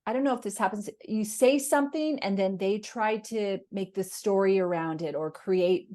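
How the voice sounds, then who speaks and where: A woman hosting a podcast, asking questions and agreeing often in a relaxed conversation. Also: medium pitch, normal speed. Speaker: podcast host. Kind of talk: conversational interview.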